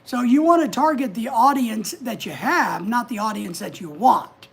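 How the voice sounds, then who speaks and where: Woman streaming from home, kinda husky, higher voice, chatty and full of advice. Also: lively intonation, normal speed. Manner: chatty, advice-giving, reads out viewer comments. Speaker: livestream host. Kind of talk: casual livestream chat.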